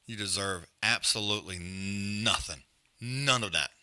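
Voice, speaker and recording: A man's voice: fairly low pitch, a little slow, bright, forceful tone. A man hosting a live fight watch-along, trash-talking fighters in blunt, profane casual chat. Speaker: live stream host.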